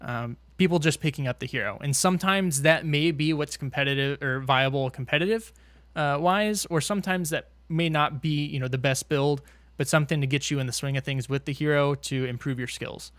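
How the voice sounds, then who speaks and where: A man's voice: fairly high pitch, a bit bright, dry recording. Upbeat man hosting a podcast. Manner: upbeat, quick, laughs often. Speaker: podcast host. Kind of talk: casual podcast chat.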